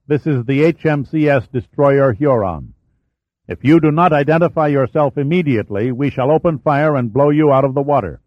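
A man's voice: mid-range voice, lively intonation, normal speed, few pauses, no echo, lightly acted. A man voicing a stern destroyer captain making clipped radio calls. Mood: commanding. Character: stern male destroyer captain giving commands. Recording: dry, slightly dull recording.

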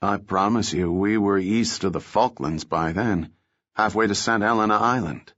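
A man voicing a calm, unflappable male operative leader who speaks smoothly with dry humor in an audiobook reading. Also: lowish voice, normal speed, highs cut off. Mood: calm, wry. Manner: calm, smooth, dryly joking.

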